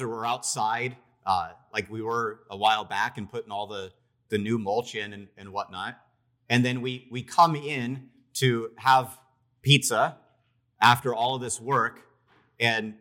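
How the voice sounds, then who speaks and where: A man preaching a sermon, retelling a parable in a conversational, storytelling way, with emphatic pauses and restarts. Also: mid-range voice, fairly bright tone. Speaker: pastor.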